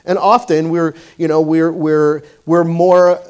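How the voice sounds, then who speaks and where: A man's voice: on the high side, level tone, takes it slowly, a little mellow, clean tone. A man preaching a sermon in a conversational way, telling a personal story with many fillers and restarts. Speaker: pastor.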